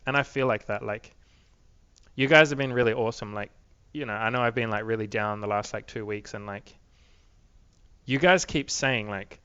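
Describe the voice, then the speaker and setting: A man's voice: fairly low pitch, moderate pace, sharp tone, clear, resonant tone, no room sound, muffled recording. Rambling, swearing young man on camera. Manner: rambling, profane, many "like" fillers. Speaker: vlogger. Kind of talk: casual video diary rant.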